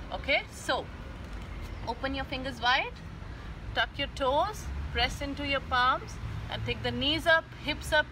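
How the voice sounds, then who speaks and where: Woman yoga teacher, high voice, gentle step-by-step cues; noisy recording with traffic. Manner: slow, gentle step-by-step instructions. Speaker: yoga instructor. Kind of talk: guided mother-and-child yoga class.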